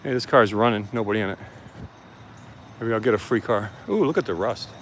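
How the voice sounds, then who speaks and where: A man's voice: on the low side, a little fast, a little hiss or hum. Chatty man live-streaming outdoors. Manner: chatty, greeting viewers by name as he walks. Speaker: live-streaming first amendment auditor. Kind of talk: casual live-stream chat. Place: outdoors by a police station.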